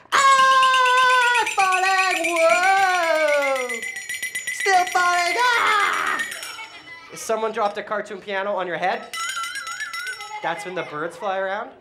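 A woman's voice: fairly low pitch, lively intonation, fast. A woman hosting a children's music show, joking goofily and leading the audience in call-and-response. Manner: goofy, exaggerated, leads audience call-and-response. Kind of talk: playful children's TV presenting.

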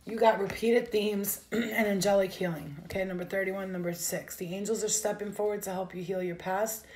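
A woman's voice: medium pitch, fairly even intonation, moderate pace, darkish tone, a little hiss or hum. A woman giving a live tarot reading, emotional and direct, speaking straight to her viewers. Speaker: tarot reader.

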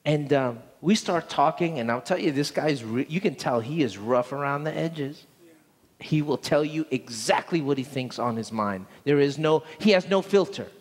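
A man's voice: on the high side, animated, normal speed, in a large hall. A man pastor preaching a sermon, telling a story earnestly and often repeating words, in a church sanctuary.

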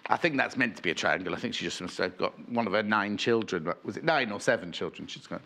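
A man's voice: on the low side, animated, fast, pushed and bright, slight background noise. A man presenting a live TV shopping show, chatting and rambling as he reads out viewer messages. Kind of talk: live TV selling chat. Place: TV studio. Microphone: earpiece and presenter mic.

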